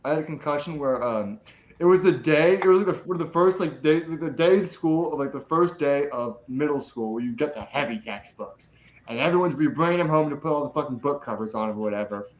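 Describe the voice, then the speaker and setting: A man with a fairly high speaking voice rambles through stories in a loose podcast chat. He laughs easily and swears often, with plenty of fillers and restarts. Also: expressive, fairly quick, poor audio. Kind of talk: casual chat.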